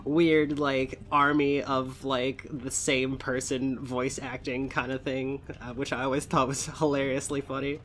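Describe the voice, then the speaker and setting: A man's voice: medium pitch, flat delivery, unhurried, hardly any pauses, a bit bright, a little hiss or hum. A man in his twenties giving casual, rambling gameplay commentary, swearing and correcting himself often. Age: 20s. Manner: rambling, profane, self-correcting. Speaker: let's play host.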